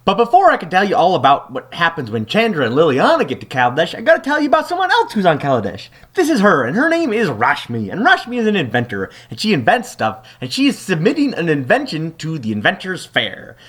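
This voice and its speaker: Guy doing a goofy story recap, lots of pitch swings, quick silly voices for the characters. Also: wildly swooping pitch, a bit bright. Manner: jokey, offhand, slips into silly character voices.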